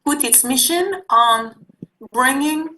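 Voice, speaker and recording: A woman teaching a class on sales, talking loosely and often pausing with fillers as she explains. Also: sits high, expressive, pushed and bright, rough recording. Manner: conversational, searching for words with many fillers. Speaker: instructor. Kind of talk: online class lecture.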